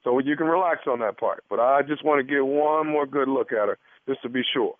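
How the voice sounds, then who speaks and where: A man's voice: mid-range voice, brisk, no room sound, natural voice. A man pranking as an awkward male doctor, stammering and hesitant on a phone call. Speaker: prank caller. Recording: tinny phone line.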